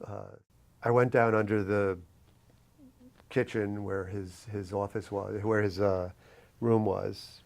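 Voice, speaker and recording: A man from New York City telling a personal story in an oral history interview, reflective and lively, with many fillers. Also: fairly low pitch, takes it slowly, gravelly, pauses often. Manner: reflective, animated anecdotal telling with frequent fillers.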